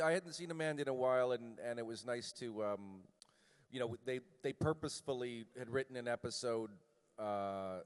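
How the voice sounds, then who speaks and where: A middle-aged man from Canada, answering fan questions on a convention panel in a joking, self-deprecating way, with halting fillers. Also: mid-range voice, clear, resonant tone. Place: large convention hall. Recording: long hall reverb.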